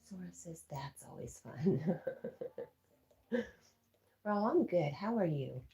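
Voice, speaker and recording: A middle-aged woman hosting a livestream from home on a laptop mic. She chats casually, reads viewer comments aloud and laughs often, clearly amused by herself. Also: lowish voice, expressive, slow, mellow, rough recording. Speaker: livestream host.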